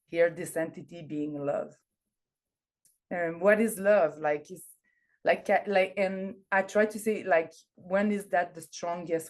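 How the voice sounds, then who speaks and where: A woman speaking English as a second language, giving an academic presentation over a video call, hesitant with many fillers and restarts. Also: on the low side. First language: not English. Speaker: conference presenter.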